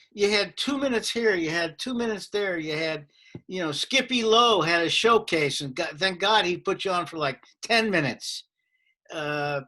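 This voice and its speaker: A man in his sixties, a comedian guest telling anecdotes in an animated way in a casual interview. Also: fairly high pitch.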